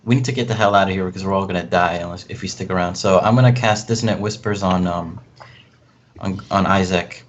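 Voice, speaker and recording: A man playing a tabletop game who explains rules at length and speaks haltingly. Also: low voice, fairly even intonation. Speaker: player. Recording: dull lo-fi voice chat audio.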